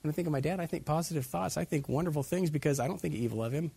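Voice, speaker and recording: A man's voice: on the high side, very fast, vocal fry, warm tone, slightly rough, no room sound. A man preaching a sermon as pastor, putting many direct questions to his listeners.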